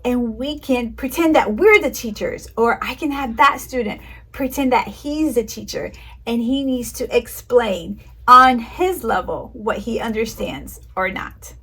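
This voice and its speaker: A woman tutor giving clear, encouraging, teacherly answers to interview questions and acting out a mock lesson. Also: on the high side, a little slow, bright, forceful tone. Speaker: online tutor.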